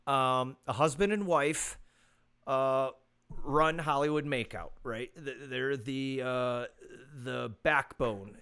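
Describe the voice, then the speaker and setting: A man hosts a loose, rambling solo podcast, sprinkling in swearing. His voice is smooth and clear at a middling pitch. He records on a phone. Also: a bit bright. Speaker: podcast host. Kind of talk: casual solo podcast monologue. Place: rural property.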